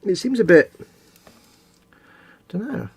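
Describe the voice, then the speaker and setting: Man, husky voice, slightly high, rambling casual chat, trails off. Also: lively intonation, takes it slowly, no echo. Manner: rambling, chatty, trailing off mid-thought. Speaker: co-host of a model-building live stream.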